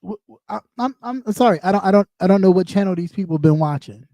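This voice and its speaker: A man's voice: high voice, quick pace, dark tone, no room sound. A man ranting on a livestream, mocking and heated, swearing constantly. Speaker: livestream host. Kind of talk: profane livestream rant.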